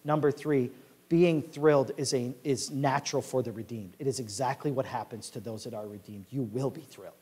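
A male pastor preaching a sermon, reading scripture in a loud rising voice and dropping low for asides. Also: brisk, breathy edge. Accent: American Midwest. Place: church sanctuary.

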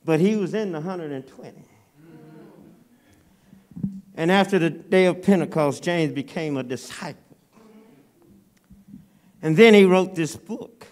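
A man's voice: fairly high pitch, moderate pace, long pauses, a little mellow. A man preaching as a guest in a church, folksy and conversational with frequent stammered repeats. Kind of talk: Baptist sermon. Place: church sanctuary.

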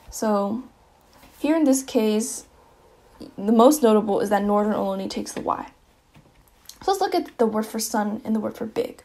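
A woman giving a casual slideshow lesson, saying each example word twice, with fillers and quick self-corrections. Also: fairly high pitch, animated, dark tone. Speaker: presenter explaining languages.

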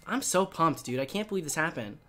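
Excitable man with a lively, swooping voice. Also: fairly high pitch, fairly quick. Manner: excitable, chatty, coos at on-screen creatures. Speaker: gaming YouTuber. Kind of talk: excited gaming commentary.

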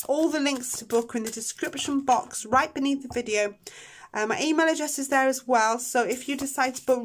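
Soft-spoken tarot reader woman. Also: high-pitched, slight background noise. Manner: soft, emotional, chatty with many ums. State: tearing up. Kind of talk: pick-a-card tarot reading.

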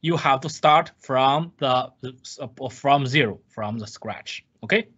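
Speaking at a slow pace, a man with a medium-pitched, somewhat bright voice delivers a recorded screen-share lecture. He hammers key points through repetition and answers his own questions to the class. Sound quality is dull and lo-fi.

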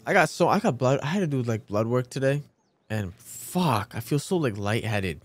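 A man casually commenting on his gameplay, playful, crude and excitable, chatting to the characters on screen. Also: medium pitch, normal speed, no room sound, faint music behind. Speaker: let's play gamer.

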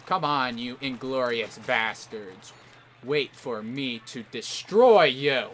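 A man's voice: medium pitch, lively intonation, slow pace, fairly bright tone, a little hiss or hum. A man giving live commentary over an online shooter match, hurling theatrical mock-outraged insults at opponents. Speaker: gameplay commentator.

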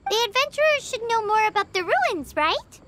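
Paimon, a squeaky chirpy sprite. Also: female voice, normal speed, heavy background noise. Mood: eager. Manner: excitable, bouncy, blurts things out. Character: tiny chirpy female floating companion, greedy for treasure. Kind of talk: game dialogue. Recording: game audio with music behind.

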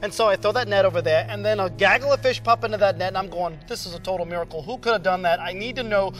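A man playing eager, excitable Peter. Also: high-pitched, quick pace. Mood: excited. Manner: rambling, excited, chatty with fillers. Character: excitable male apostle Peter, eager fisherman. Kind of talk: comedic skit acting.

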